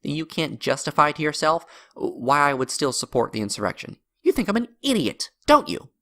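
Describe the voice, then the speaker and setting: A man's voice: a little high, big pitch swings, a little fast, vocal fry, a bit bright, voice pushed up, exaggerated voice. A man voicing an agitated adult man who angrily accuses his friend, his voice rising as he rants. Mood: heated.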